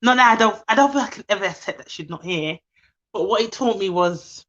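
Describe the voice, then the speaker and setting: Bright-voiced woman chatting live. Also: medium pitch, expressive, brisk, lo-fi sound. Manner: candid, heartfelt, reads out comments. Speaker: livestream host. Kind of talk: casual live chat to viewers.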